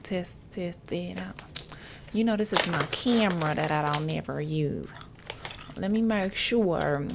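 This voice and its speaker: A woman chatting softly to her viewers late at night, chewing gum and rambling, sometimes dropping into a whisper. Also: fairly low pitch, a little slow, vocal fry, noisy background. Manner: drifts into whispers at times. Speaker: ASMR creator. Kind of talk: late-night soft-spoken ASMR chat. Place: home setup, camera placed far away.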